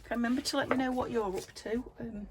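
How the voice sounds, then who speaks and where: A woman from the UK, a craft vlogger, chatting casually to camera and thinking aloud as she works, with soft half-whispered asides. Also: fairly high pitch, steady tone, fast talker, very noisy. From United Kingdom.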